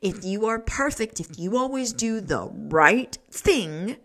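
A woman's voice: mid-range voice, expressive, slow pace, fairly bright tone. A woman hosting a solo podcast in a rambling, profane way, laughing often and restarting her sentences. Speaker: podcast host. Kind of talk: casual solo podcast talk.

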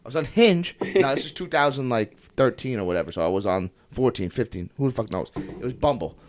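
A man's voice: mid-range voice, animated, a little fast. A young man telling a story in casual podcast chat, heated and profane, swearing constantly as he talks.

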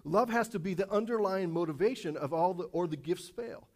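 A male preacher with a fairly high voice delivers a casual sermon. He tells stories with jokes, swinging from loud, punchy lines to quiet asides. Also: a little fast. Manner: casual, animated storytelling with jokes. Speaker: pastor.

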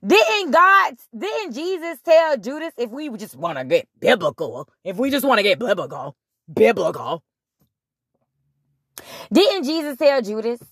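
Woman host, unhurried delivery, dry close sound, blunt and profane. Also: on the high side, no echo. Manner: animated, blunt, profane, retelling scripture in her own words. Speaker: podcast host. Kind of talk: casual spiritual monologue.

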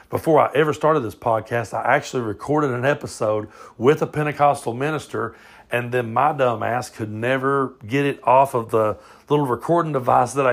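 A man's voice: mid-range voice, vocal fry. A man with a Southern US accent hosting an amateur podcast, talking loosely and swearing freely as he records on his phone. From southern United States. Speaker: podcast host. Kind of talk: casual podcast monologue.

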